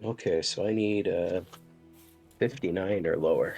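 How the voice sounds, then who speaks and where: A man's voice: sits low, measured pace, vocal fry, darkish tone, soft background music. A man chatting playfully as a player in a tabletop game. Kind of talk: casual play at a tabletop game.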